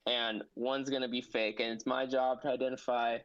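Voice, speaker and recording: A man's voice: mid-range voice, flat delivery, moderate pace, a bit bright, muffled recording, a little hiss or hum. A man co-hosting a casual podcast, rambling and restarting his sentences. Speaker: podcast co-host. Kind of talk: casual chat.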